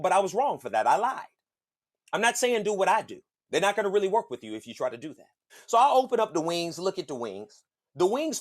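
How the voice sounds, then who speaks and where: A man from the States, hosting a podcast and telling a story in a casual, profane way. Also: on the high side. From Southern United States. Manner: animated, profane, acts out other voices. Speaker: podcast host.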